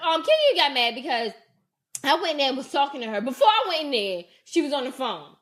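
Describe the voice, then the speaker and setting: High-voiced bantering woman podcaster. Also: very animated, fast talker, a bit bright. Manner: bantering, teasing, laughs often. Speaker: podcast co-host. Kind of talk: casual podcast chat.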